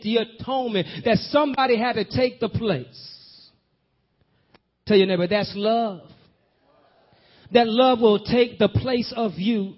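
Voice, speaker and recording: Preacher, male, high voice, call-and-response delivery, dull lo-fi recording. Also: slightly rough. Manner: rhythmic, building repetitions. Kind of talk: sermon.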